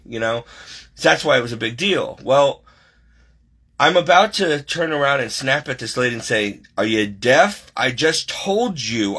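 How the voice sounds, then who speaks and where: Husky man rambling through a story. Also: medium pitch, bright, forceful tone. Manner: rambling, many "like"s and restarts. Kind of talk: casual storytelling on a video call. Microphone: video call.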